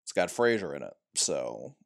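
Lively joking man on a podcast. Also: a bass voice, moderate pace, vocal fry. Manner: joking, laughs often, lots of restarts. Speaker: podcast co-host. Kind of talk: casual chat.

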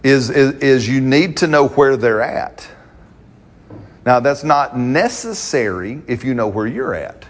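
Husky-voiced preacher. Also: male voice, medium pitch, expressive, measured pace. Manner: conversational, playful, acts out quotes with laughs. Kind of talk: sermon.

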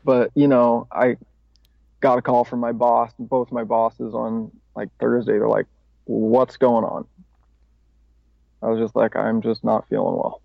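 A man's voice: lowish voice, no room sound. A man guest on a podcast, candidly telling his recovery story in a rambling, casual way with swearing and self-mocking laughs. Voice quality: gravelly. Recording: dry, slightly dull podcast audio.

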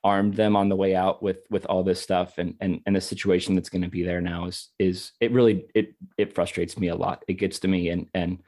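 A man's voice: sits low, level tone, fairly quick, few pauses, darkish tone. A man co-hosting a podcast discussion, talking with passion and frustration, often repeating words as he gets worked up. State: emotional and frustrated. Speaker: podcast co-host. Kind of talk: casual discussion.

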